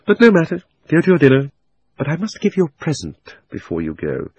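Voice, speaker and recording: A man's voice: a little high, huge pitch swings, a little mellow, husky, no room sound, muffled recording, voice pushed up, full character voice. A man voicing a sly, greedy old magician uncle. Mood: wheedling. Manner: wheedling and sinister, drawn-out words. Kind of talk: audiobook reading.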